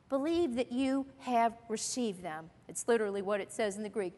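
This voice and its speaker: High-voiced woman teaching scripture. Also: expressive, moderate pace, hardly any pauses, darkish tone. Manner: earnest and emphatic, quoting scripture. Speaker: Bible teacher. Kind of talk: sermon. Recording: long hall reverb.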